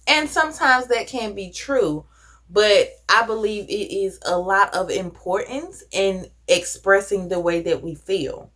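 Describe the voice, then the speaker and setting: A woman's voice: medium pitch, unhurried, fairly bright tone. A woman vlogger talking earnestly to camera, giving conversational advice with casual slang. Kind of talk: reflective personal talk to camera.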